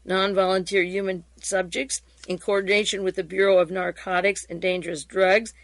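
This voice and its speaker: A woman radio host reading hearing transcripts aloud and commenting, in a steady reading voice with occasional fillers and restarts. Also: mid-range voice, moderate pace, no echo.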